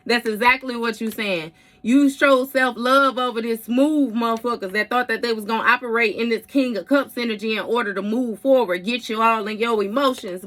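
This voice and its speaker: A woman's voice: on the high side, a bit bright. A woman giving a casual tarot reading in a blunt, heavily profane way, with frequent mm-hmms. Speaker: tarot reader.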